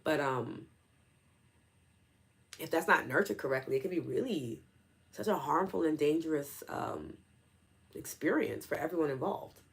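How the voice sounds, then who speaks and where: A woman's voice: low voice, lively intonation, moderate pace, vocal fry, pauses often. A woman in her thirties from New York City, hosting a live stream, reading viewer comments and laughing often as she talks to her audience. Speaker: host.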